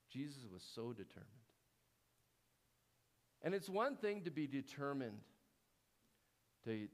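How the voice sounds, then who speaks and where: Sermonizing in a conversational manner, a male pastor fills his speech with fillers and restarts, going low and soft whenever he wants to underline important words.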